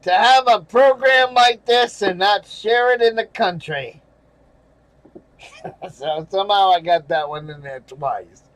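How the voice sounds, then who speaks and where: A man's voice: sits high, slow pace, fairly bright tone, low-quality recording. A man hosting his channel, reading viewer comments aloud and ranting about them in angry, profane, sarcastic casual commentary, with chuckles in between.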